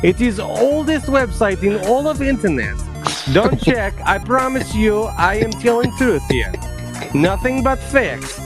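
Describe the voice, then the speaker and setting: Man doing a put-on French accent, boastful winemaker, broken English, lively pitch, music behind. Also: a little slow, heavily acted. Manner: broken grammar, proud salesman patter.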